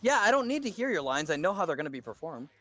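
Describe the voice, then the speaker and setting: A woman's voice: deep voice, sing-song, quick pace, fairly bright tone. A woman chatting casually in a teasing, dry manner. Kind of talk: casual chat.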